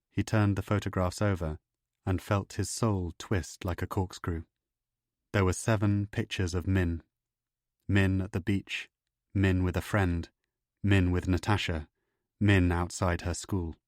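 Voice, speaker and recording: A man narrating a thriller audiobook in a measured, steady way. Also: low voice, dry recording, studio quality.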